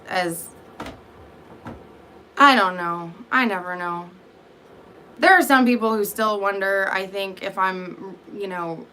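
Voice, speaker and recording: A woman's voice: medium pitch, takes it slowly, long pauses, pushed and bright, a little hiss or hum. A sleepy woman in her thirties, rambling and swearing as she answers her live chat. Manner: rambling, profane, self-deprecating, answering chat. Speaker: vlogger talking to live chat.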